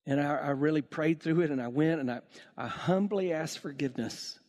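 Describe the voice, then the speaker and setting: A man preaching a sermon to his church, telling stories with lively acted-out voices. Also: normal speed. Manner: animated storytelling, acts out voices with big swings in pitch. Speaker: pastor.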